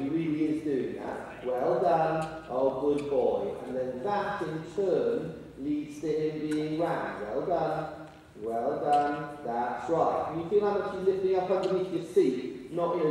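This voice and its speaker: A man's voice: fairly high pitch, dark tone, a little hiss or hum. Guy teaching dressage, lots of praise and teasing, far from the mic in a big echoey indoor arena. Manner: encouraging, frequent praise, playful teasing. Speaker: riding instructor. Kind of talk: coaching a dressage lesson.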